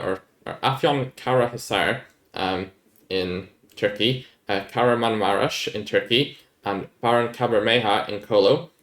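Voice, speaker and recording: A young man chatting casually through viewer questions, rambling and laid-back, easily amused. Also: lowish voice. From Ireland. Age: young adult. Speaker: YouTuber answering viewer questions. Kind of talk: casual Q&A chat. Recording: echoey room.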